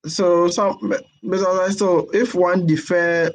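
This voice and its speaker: A man moderates an online session, reading out audience questions in a polite, slightly halting way. His voice sits somewhat high for a man. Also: steady tone, low-quality recording. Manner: reads out audience questions, polite, repeats words. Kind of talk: webinar moderation.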